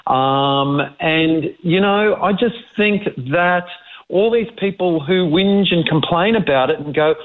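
An emphatic Australian man co-hosting a radio chat, his voice sitting fairly high for a man. He comes through a thin, tinny, phone-like line. He talks with conviction and pokes fun at critics. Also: slow. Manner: emphatic, mocks critics in put-on quoted voices. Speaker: co-host.

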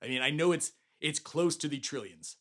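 A man's voice: a little high, moderate pace. Rambling satirical podcast host, a man. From Texas. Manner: mock-pompous, rambling, stumbling over words. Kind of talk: satirical comedy podcast rant.

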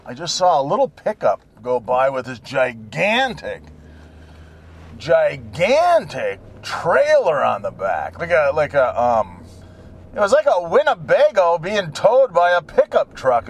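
Rambling older man, lively high voice. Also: a little slow, husky. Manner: jokey, rambling, laughs at his own jokes. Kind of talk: rambling casual monologue.

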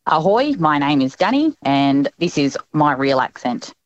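A woman guest delivering lines in a put-on accent for a guessing game, quick and confident. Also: low voice, big pitch swings, no room sound. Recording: dull remote audio line.

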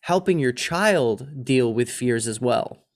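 A man in his thirties co-hosting a podcast, telling a story in a lively, chatty way and mimicking other people's voices. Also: mid-range voice, slow. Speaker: podcast co-host. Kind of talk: casual chat.

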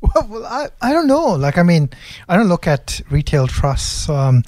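A man co-hosting an investing podcast, speaking in a mellow, warm voice. He thinks aloud, hesitating and restarting his sentences. The mic is close and dry. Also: high voice, big pitch swings, normal speed, no room sound. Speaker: podcast co-host. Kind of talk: casual investing podcast chat.

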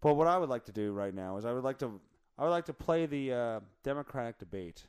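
A man hosting a podcast in a casual, joking chat. His voice is hoarse, and he rambles and corrects himself often. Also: mid-range voice, lively intonation, quick pace, a little mellow. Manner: rambling, self-correcting, jokey. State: hoarse from singing in the car. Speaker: podcast host.

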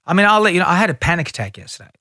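A middle-aged man chatting as a podcast guest, slipping into lively voices when he tells stories. His voice sits a little high for a man, and the sound is close and dry. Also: rapid-fire, no room sound. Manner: animated storyteller, acts out quotes. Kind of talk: casual interview chat.

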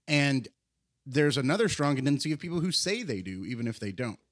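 A man's voice: medium pitch, animated, a little fast, dry recording, studio quality. A man co-hosting a podcast, rambling through opinions with restarts and silly put-on voices. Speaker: podcast co-host. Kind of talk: casual chat.

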